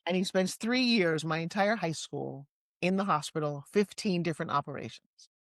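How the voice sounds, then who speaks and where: A woman in her sixties with a New York accent, a guest telling personal stories in a lively, candid way with quick asides. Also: fairly low pitch, dry recording, clean studio sound. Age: 60s. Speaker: interview guest. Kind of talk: personal storytelling in conversation.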